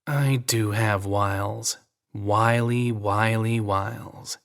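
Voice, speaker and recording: A man's voice: medium pitch, expressive, normal speed, a bit bright, natural voice. A man voicing a teasing American woman photographer. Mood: playful. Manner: playful, teasing, coy. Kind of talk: audio drama reading.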